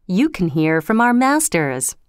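A woman's voice: lowish voice, very animated, a little slow, clean tone, no echo, clean studio sound. A woman voicing a sinister old witch, chanting spells with a sing-song rhythm. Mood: ominous.

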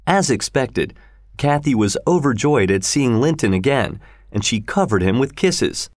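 A man narrating a story in a steady, measured way. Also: mid-range voice, no echo, studio quality. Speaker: audiobook narrator.

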